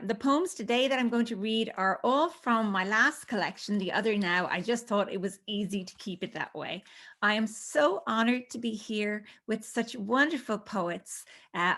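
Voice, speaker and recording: A woman from Ireland reading her own poems aloud, with quick, casual spoken introductions between them. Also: mid-range voice. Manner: soft, fast-spoken asides with fillers, slower deliberate reading. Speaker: poet reading her work.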